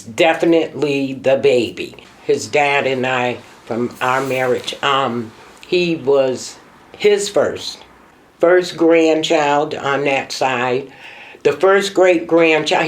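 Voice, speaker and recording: A middle-aged woman, the mother in a documentary interview, reminiscing emotionally with her pitch sometimes rising sharply.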